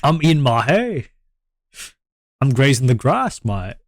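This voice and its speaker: A man's voice: mid-range voice, very animated, slow, no echo, clean studio sound. A man doing a drawling, slangy bloke who ends everything with "mate". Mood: lazy, teasing. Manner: drawling, mock British-Australian slang. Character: laid-back slangy young man rambling "mate".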